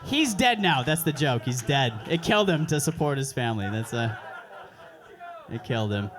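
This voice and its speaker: A young man doing a stand-up set at an open mic, with crude, deadpan, self-mocking delivery on a handheld stage mic. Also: medium pitch, normal speed, some chatter behind, slight background noise. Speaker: stand-up comedian. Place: comedy club stage.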